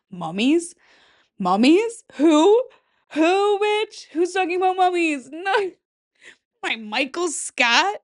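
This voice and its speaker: Young woman, slightly high voice, casual podcast chat, chaotic, profane, self-mocking. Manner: chaotic, rambling, swears freely, laughs at herself. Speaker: podcast host.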